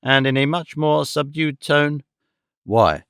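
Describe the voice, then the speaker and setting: A man reads a classic novel aloud in a measured, formal way. His mid-pitched voice is recorded dry and close to the mic. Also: a bit bright, smooth, no echo. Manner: measured, formal storytelling delivery. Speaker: audiobook narrator. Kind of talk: scripted narration of a classic novel.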